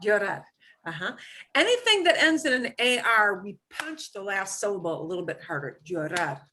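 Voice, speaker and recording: Woman running a beginner spanish class on a video call, bright clear voice, patient, models words for people to repeat. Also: medium pitch, big pitch swings, normal speed, a little hiss or hum. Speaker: Spanish teacher.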